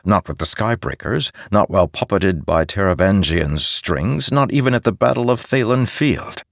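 A man narrating a fantasy audiobook in an expressive storytelling way, close to a studio mic. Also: fairly low pitch, normal speed, creaky, no room sound.

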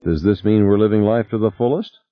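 A man's voice: on the low side, fairly quick, no room sound, voice pushed up, natural voice. A male reader voicing an anxious woman scientist with a wry, nervous way of talking. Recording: tinny phone-like sound.

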